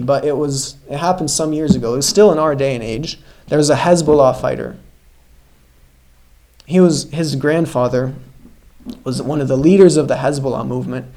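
A man's voice: medium pitch, poor audio. Earnest male preacher telling a conversion story. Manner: earnest, emphatic storytelling, swings between loud stresses and hushed lines; addresses listeners as brothers and sisters. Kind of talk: sermon.

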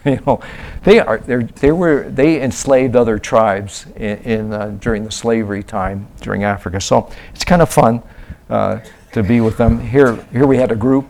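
A man telling a church about his mission work in a halting, casual way, often restarting his sentences. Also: mid-range voice. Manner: halting, restarts, acts out quoted voices loudly. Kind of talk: casual slide-show talk.

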